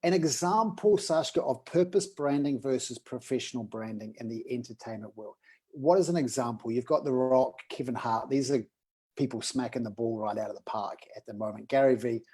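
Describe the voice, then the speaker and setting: Mellow, husky New Zealand man hosting. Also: mid-range voice, fairly quick. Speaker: interview host. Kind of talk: casual interview chat.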